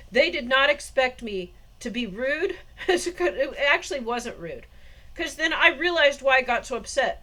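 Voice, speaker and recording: A woman's voice: high-pitched, fairly bright tone. A woman vlogger telling a long, meandering story in a casual monologue, with frequent laughs. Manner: rambling, meandering, laughs often.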